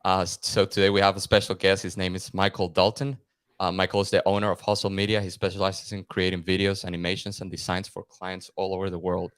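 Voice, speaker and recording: A man's voice: sits low, little pitch movement, quick pace, fairly bright tone, clear, resonant tone, no echo. A man hosting a podcast, upbeat and friendly, introducing his guest with fillers. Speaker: podcast host. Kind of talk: casual interview hosting.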